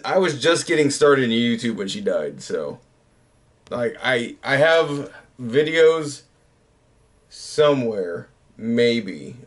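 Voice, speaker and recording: A man in his thirties talks through things in a loose, rambling way at an ordinary mid pitch. He pokes fun at himself and lets his sentences trail off, like a relaxed late-night vlog chat. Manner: rambling, self-mocking, trails off. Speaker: YouTuber.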